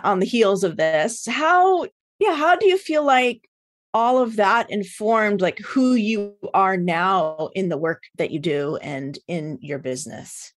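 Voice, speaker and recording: A woman host leads an interview, often chiming in to affirm her guest. She asks open follow-up questions. Her pitch sits in a middle range. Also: expressive, slow pace. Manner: affirming, encouraging listener. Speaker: podcast interviewer. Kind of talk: interview conversation.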